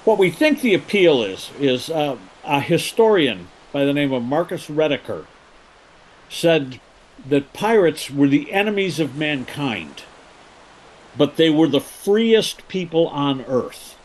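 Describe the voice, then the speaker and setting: A man being interviewed, telling stories in an animated way and laughing easily in casual chat. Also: fairly high pitch, takes it slowly, a little hiss or hum, poor audio. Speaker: guest, pirate holiday co-founder.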